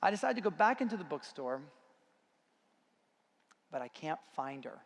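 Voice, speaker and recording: A man with a slightly higher voice and a gravelly edge tells a self-deprecating story to a conference audience. His voice carries a long reverb from a large hall. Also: very animated, normal speed. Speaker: conference speaker. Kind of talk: storytelling talk.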